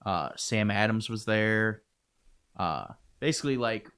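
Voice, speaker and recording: Low-voiced man hosting a casual podcast. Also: expressive, measured pace, fairly bright tone, clear, resonant tone. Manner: joking, loose, with filler words and swearing. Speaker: podcast co-host. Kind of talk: casual history podcast chat.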